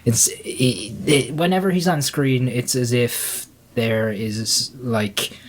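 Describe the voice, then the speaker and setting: A man's voice: medium pitch, slow pace. A man co-hosting a casual panel discussion, rambling and swearing with lots of fillers. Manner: profane, rambling, many fillers. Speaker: podcast co-host.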